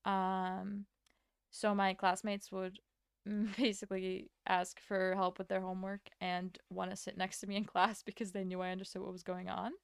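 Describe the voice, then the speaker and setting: A young woman from Latvia, a streamer chatting casually with her chat while she draws, rambling and answering with quick laughs. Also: mid-range voice, completely flat delivery, vocal fry, smooth, no echo, clean studio sound. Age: young adult.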